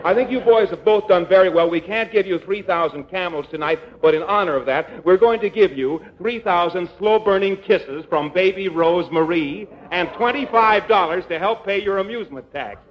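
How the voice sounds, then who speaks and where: A man hosting a live radio quiz in the 1940s, trading quick playful ad-libs with contestants. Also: high voice. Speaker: quiz master and comedian. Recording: dull lo-fi 1940s radio broadcast.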